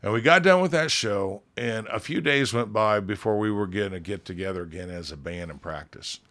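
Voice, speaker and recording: A man's voice: on the low side, expressive, a little fast, a bit bright. A man, a band leader on a podcast, telling a rambling, profane story in casual chat and acting out quoted dialogue.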